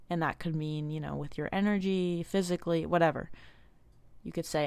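A young woman with a lowish, smooth, clear voice hosts a self-help podcast in a casual, encouraging tone. She speaks straight to her listeners and sprinkles her talk with fillers. The sound is dry and close, with no room around her. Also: steady tone, a little fast, a little mellow, no room sound. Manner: earnest and encouraging, talks directly to listeners; casual with many likes and you knows. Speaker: podcast host.

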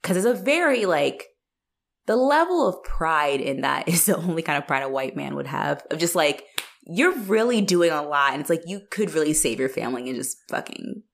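Casual young woman co-host, deep voice, animated, laughs a lot. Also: normal speed, gravelly. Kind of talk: casual chat.

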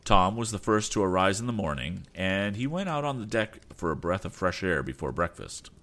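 Deep-voiced male storyteller. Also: moderate pace. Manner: expressive, animated reading. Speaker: audiobook narrator and podcast host. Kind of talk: storybook narration. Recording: faint background music.

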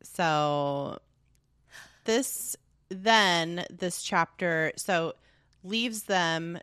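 A woman's voice: lowish voice, drawn-out words, a bit bright, smooth, dry recording, studio quality. A woman co-hosting a podcast, recapping a book in crude, joking, rambling casual chat full of fillers. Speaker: podcast co-host.

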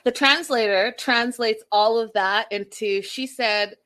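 A young adult woman hosting a live stream, giving an animated, opinionated recap of a reality show with sassy asides. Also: a little high, measured pace.

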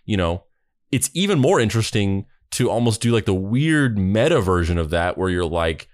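A man's voice: on the low side, big pitch swings, normal speed, dry recording, studio quality. A man hosting a podcast in casual chat, rambling with many restarts. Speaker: podcast host.

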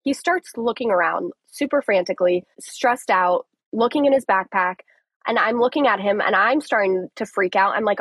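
A young woman in her twenties tells a wild story with breathless drama. Her voice sits a bit high and comes out husky. The recording is close and dry. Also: moderate pace, no room sound. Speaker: caller telling a story. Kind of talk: animated storytelling.

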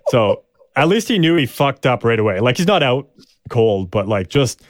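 A man's voice: mid-range voice, very animated, moderate pace, dry recording, studio quality. A man co-hosting a casual sports podcast, rambling and hesitant with many restarts. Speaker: podcast co-host.

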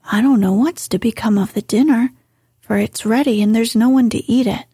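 A woman voicing a fretful household maid in a soft, breathy whispered role-play reading with a folksy turn. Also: on the high side, moderate pace, no room sound, studio quality.

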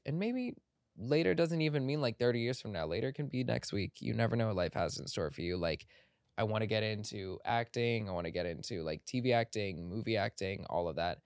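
A low-middle voiced podcast host chatting in a studio. The talk rambles playfully, packed with "like" fillers. The sound is dry and close. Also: expressive, a little fast, a little mellow, dry recording. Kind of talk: casual chat.

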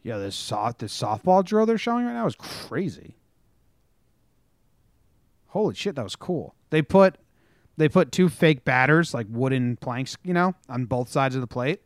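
A man's voice: mid-range voice, measured pace, dry recording, clean studio sound. A man co-hosting a casual sports chat, telling stories and acting out locker-room quotes with lots of swearing. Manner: animated storyteller, acts out quotes with profanity. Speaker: podcast co-host.

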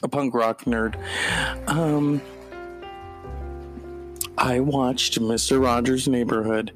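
A man hosting a solo podcast, unhurried in pace but animated and prone to digressions. He breaks into mock-dramatic outbursts now and then, with faint music in the background. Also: medium pitch. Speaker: podcast host. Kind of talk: casual solo podcast monologue.

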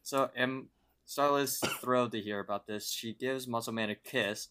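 A man's voice: mid-range voice, fairly even intonation, normal speed, bright, forceful tone, slight background noise. Jokey man recapping a cartoon episode. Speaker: podcast co-host.

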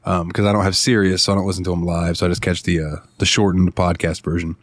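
A man's voice: deep voice, little pitch movement, fast talker, no room sound. A man hosting a casual podcast, chatty and laughing often, full of "like" and "uh" fillers. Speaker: podcast host.

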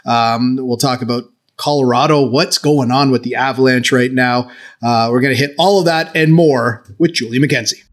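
A man's voice: medium pitch, normal speed. A man hosting a hockey podcast, upbeat and jokey as he steers the talk. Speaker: podcast host.

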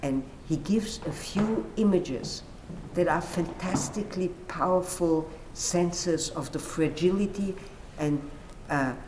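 Slow, reflective woman discussing a story. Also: deep voice, darkish tone, slight background noise, rough recording. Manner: reflective, searching for words, frequent "you know", acts out quotes animatedly. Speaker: guest speaker on literature. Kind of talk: thoughtful conversational explanation.

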